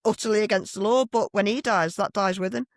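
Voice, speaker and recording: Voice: medium pitch, fairly even intonation, fast, dry recording, clean studio sound. A podcast co-host chatting casually about politics in a sardonic, blunt way, often giggling.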